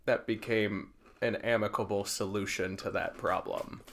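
A man's voice: lowish voice, fairly even intonation, a little slow, creaky, a bit bright. A man co-hosting a casual podcast, making joking, sarcastic asides. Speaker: podcast co-host. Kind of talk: casual chat.

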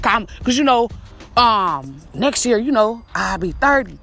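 High-voiced woman in her twenties, preaching. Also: big pitch swings, moderate pace, a bit bright, slight background noise. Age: 20s. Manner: profane, emphatic, preachy pep talk. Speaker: podcast host. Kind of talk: motivational podcast monologue.

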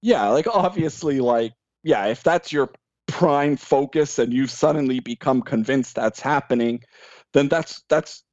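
A man's voice: mid-range voice, measured pace, darkish tone, dry recording. A man in casual podcast chat, ranting emphatically and mocking others' opinions in quoted voices. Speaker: podcast guest. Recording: dull, lo-fi sound.

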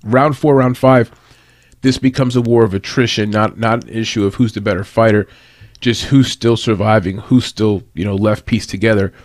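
A man's voice: fairly low pitch, steady tone, moderate pace, no room sound, studio quality. Conversational man breaking down a fight. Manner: conversational, rambling with restarts and tangents. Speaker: fight analyst.

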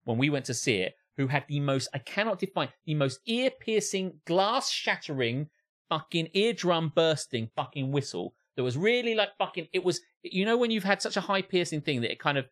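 A man co-hosts a podcast in a fairly high, slightly bright voice with lively intonation and a moderate pace. He rants through casual chat, swearing plenty and acting out impressions.

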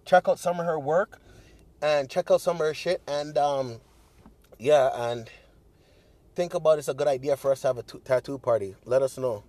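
A man's voice: on the high side, moderate pace, darkish tone. A young man hosting his own podcast in a casual solo monologue, rambling and swearing freely, with many fillers and restarts. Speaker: podcast host.

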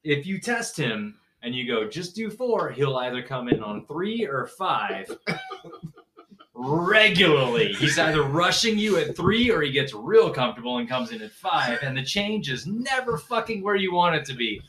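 A man co-hosting a loose, laughing chat show, his voice lively and a little high. The room rings with echo and a crowd murmurs behind him. He swears casually as he goes. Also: measured pace. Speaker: podcast co-host, drummer.

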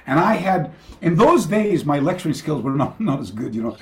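A man telling stories as a guest on a video call, wandering off on side tracks and circling back. His pitch swings widely as he talks. The room around him sounds roomy and echoey. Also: sing-song, moderate pace. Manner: rambling, self-interrupting, many fillers and restarts. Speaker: karate master, podcast guest. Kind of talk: anecdotal storytelling in a remote interview.

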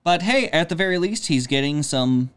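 A man's voice: fairly high pitch, expressive, moderate pace, fairly bright tone, smooth. A man co-hosting a casual chat, easygoing and chatty, often hedging with filler words. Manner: easygoing, chatty, hedges with "like" and "I mean". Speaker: podcast co-host.

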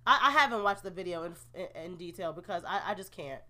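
A young woman hosting a casual solo podcast, opinionated and expressive, groaning in disgust and laughing in disbelief as she reacts to the news. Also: lowish voice, fast talker. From New Jersey, USA. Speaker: podcast host.

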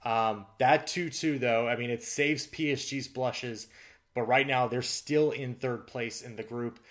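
A man's voice: mid-range voice, fairly even intonation, unhurried, fairly bright tone. A man co-hosting a casual sports podcast, recapping match results in a rambling way with lots of fillers. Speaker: podcast co-host.

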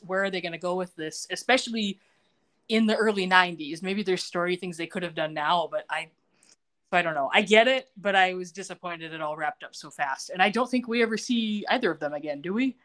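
A woman co-hosting a casual podcast, retelling scenes with animated, acted-out quotes. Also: fairly low pitch, a little fast. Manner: animated storytelling, acts out quotes. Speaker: podcast co-host.

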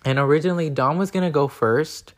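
A young man chatting casually in a vlog, telling a story with lots of filler words and acting out quotes in a higher voice. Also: brisk. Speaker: vlogger.

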